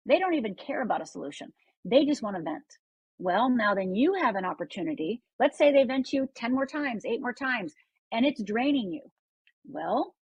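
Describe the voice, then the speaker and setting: A woman's voice: on the high side, breathy edge, no echo, low-quality recording. A woman guest on a radio talk show, explaining advice and acting out little conversations in different voices. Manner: animated, acts out little dialogues with voices. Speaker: guest speaker, life coach.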